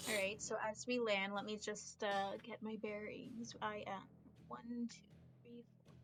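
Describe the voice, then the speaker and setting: Bright-voiced woman playing a tabletop game. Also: mid-range voice, flat delivery, unhurried, faint music behind. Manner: casual, thinks aloud while counting dice. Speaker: player.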